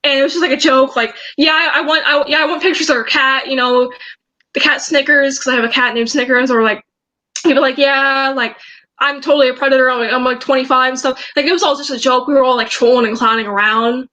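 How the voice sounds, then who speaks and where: A woman's voice: high voice, fairly even intonation, quick pace, bright, forceful tone, poor audio. A teenage girl vlogger telling a story in a rambling, agitated way, with many restarts. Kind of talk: storytime vlog.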